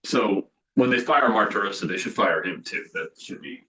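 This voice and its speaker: A man from New Jersey co-hosting a sports podcast, with a deep, low voice. He speaks casually and drops dry, wry asides into the chat. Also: lively intonation, moderate pace, pushed and bright, poor audio. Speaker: podcast co-host.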